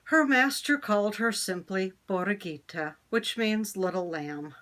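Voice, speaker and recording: Slow, expressive woman reading a story. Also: medium pitch. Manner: expressive, slow read-aloud. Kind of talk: reading a children's picture book aloud.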